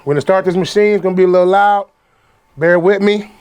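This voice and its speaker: Talking fast in a high-pitched voice, a man makes fresh juice on camera and chats casually with viewers as he works. The loud juicer often covers his voice in this relaxed kitchen demonstration.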